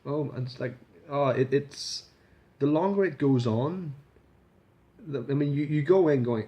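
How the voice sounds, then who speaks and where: A man's voice: mid-range voice, normal speed, dark tone. A man casually reviewing a TV episode in a rambling vlog, swearing freely and restarting his sentences. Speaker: video reviewer.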